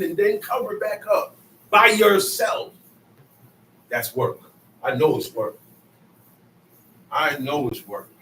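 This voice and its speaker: Man teaching scripture, high voice, emphatic, repeats himself, roomy echo, distant mic. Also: a little hiss or hum. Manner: emphatic, conversational, repeats phrases. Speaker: bible teacher. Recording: echoey room, mic at a distance.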